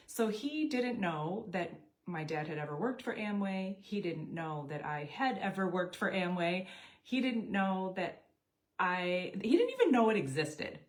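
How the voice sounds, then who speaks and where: A middle-aged woman telling a personal story casually, acting out bits of dialogue. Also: medium pitch. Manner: animated, acts out dialogue with quoted voices. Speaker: network marketing storyteller.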